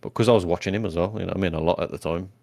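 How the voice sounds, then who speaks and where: A man's voice: low voice, rapid-fire, gravelly, a little mellow, no echo. A young man, co-hosting a casual podcast chat in a laid-back, sweary way. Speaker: podcast co-host.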